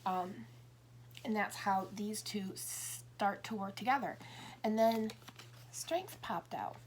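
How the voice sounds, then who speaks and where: A woman's voice: medium pitch, slow, slight background noise. A woman in her fifties talking in a rambling, self-interrupting way, acting out little dialogues as she explains. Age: 50s. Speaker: tarot reader. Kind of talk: casual monologue.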